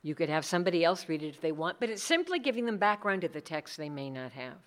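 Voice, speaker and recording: A middle-aged woman leading a workshop session, talking in a conversational, animated way and acting out other people's words. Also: fairly low pitch, fast talker. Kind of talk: conference talk.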